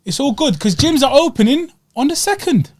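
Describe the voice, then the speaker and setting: A young man with a London accent, co-hosting a podcast in casual chat and telling animated stories full of slang and acted-out quotes. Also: very high voice, a little fast, dry recording, clean studio sound. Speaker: podcast co-host.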